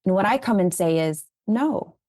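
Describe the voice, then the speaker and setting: A woman's voice: on the low side, normal speed, no room sound, clean studio sound. A woman being interviewed as an educator, telling stories about raising children in an earnest, conversational way. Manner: earnest, animated when retelling conversations.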